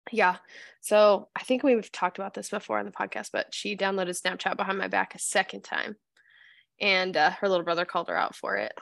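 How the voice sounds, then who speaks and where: A woman co-hosts a relaxed podcast, telling her stories with animated energy and playing out everyone's lines. Her voice has a gravelly, creaky edge at a middle pitch. The recording is dry and close, with no room sound. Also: fairly quick, no echo. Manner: animated storyteller who acts out quoted dialogue. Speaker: podcast co-host. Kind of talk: casual podcast chat.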